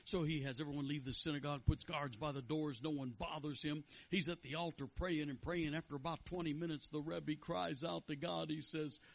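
Gravelly, husky fervent preacher. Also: male voice, on the high side, fairly even intonation, brisk, hardly any pauses, a bit bright. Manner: fervent, chanting praise and call-outs. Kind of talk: sermon with prophetic words. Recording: dull lo-fi sound.

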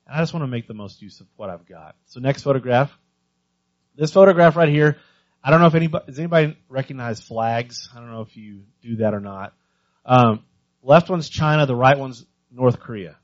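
A man speaking to a church congregation about missions work, in a voice of ordinary pitch. He tells stories with eager energy and often trips over repeated words. The recording sounds dull and lo-fi. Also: brisk. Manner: lively storyteller, stumbles over repeated words.

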